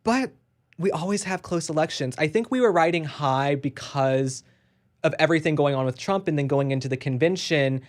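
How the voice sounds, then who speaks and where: Brief: woman guest pundit, lower voice, firm, emphatic opinions. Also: normal speed. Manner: emphatic, laughs often, opinionated. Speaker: political commentator guest. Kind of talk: political talk show discussion.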